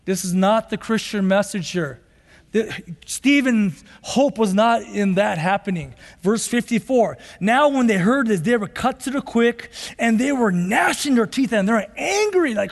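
Impassioned high-voiced preacher in a hall. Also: male voice, animated, measured pace. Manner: passionate, rising to shouts when quoting scripture. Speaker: pastor. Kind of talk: sermon. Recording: long hall reverb.

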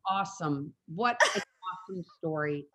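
A woman's voice: on the low side, animated, normal speed, fairly bright tone. A woman hosting a sobriety podcast talks in an effusive way and heaps praise on her guest. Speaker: podcast host. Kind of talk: casual podcast interview.

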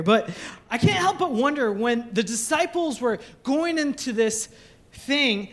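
High-voiced man preaching with playful humor. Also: animated, unhurried, fairly bright tone. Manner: playful storytelling with jokes and acted-out scenes. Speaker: pastor. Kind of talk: sermon.

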